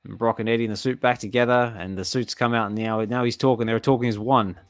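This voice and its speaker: A man's voice: mid-range voice, fast, dry recording. Chatty man reading comics aloud. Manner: chatty, excitable, reacts aloud. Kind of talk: casual comic book reading with commentary.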